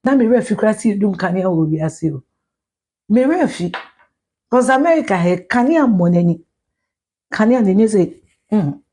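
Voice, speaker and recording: A middle-aged Ghanaian woman rants on a live stream, blunt and profane, sliding between Twi and English mid-sentence. Her voice has a husky edge, and her pitch sits in an ordinary middle range for a woman. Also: animated, moderate pace, pauses often, mellow. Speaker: social media commentator.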